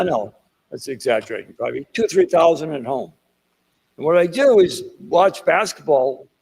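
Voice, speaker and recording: A man's voice: a little high, gravelly, slightly rough, low-quality recording. An older man with a Boston accent gives a rambling motivational keynote, wandering through asides and self-deprecating stories. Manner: digressive storyteller with asides and self-deprecating jokes. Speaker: keynote speaker. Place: conference hall.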